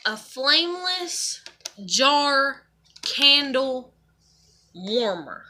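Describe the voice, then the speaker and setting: A woman's voice: high voice, sing-song, drawn-out words, pushed and bright. A woman in an angry personal vlog rant, swearing and repeating furious rhetorical questions. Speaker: vlogger.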